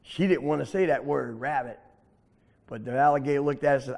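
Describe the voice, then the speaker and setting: A man telling a story live to children, animated and asking the audience questions. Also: mid-range voice, fairly quick, vocal fry. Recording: echoey hall reverb.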